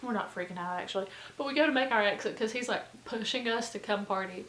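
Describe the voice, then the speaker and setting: A young woman, telling a storytime vlog in a chatty, animated way full of fillers. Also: on the high side, fast talker, reverberant, poor audio. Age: young adult. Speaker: vlogger.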